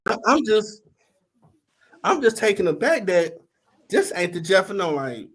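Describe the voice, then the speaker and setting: A man's voice: high-pitched, a little slow, slight background noise. A middle-aged man, hosting a podcast and telling a story in casual slang, acting out the other people's lines. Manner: animated, slangy, acts out quoted voices. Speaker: podcast host.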